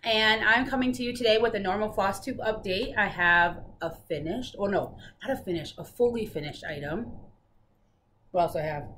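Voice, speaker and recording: A woman's voice: mid-range voice, normal speed, a bit bright. A young adult woman hosting a casual flosstube update from her living room, chatty and laughing often as she tells a story. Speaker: flosstube host. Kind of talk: casual chat.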